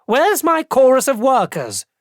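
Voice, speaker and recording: A man playing a loud, excitable opera director. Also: sits high, moderate pace, no room sound, studio quality. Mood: exasperated. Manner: brash, hearty, shouting.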